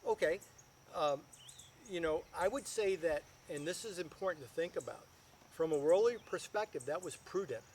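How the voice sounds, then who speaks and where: A man, a guest financial advisor, telling stories in a casual video chat and building up to loud punchlines. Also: a little high, expressive, moderate pace, a little hiss or hum.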